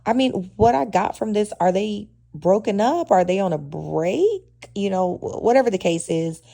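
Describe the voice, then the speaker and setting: A woman recaps a reality show episode in a casual, sassy, opinionated style packed with slang. Her medium-pitched voice is animated and moves at normal speed, with a gravelly fry and a dark, mellow tone.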